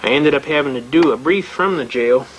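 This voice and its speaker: A man's voice: medium pitch, brisk, fairly bright tone, a little hiss or hum, rough recording. Older man, folksy emphatic lecturer. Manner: anecdotal, plain-spoken, emphatic. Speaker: seminar speaker on constitutional rights. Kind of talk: folksy storytelling lecture to a live audience.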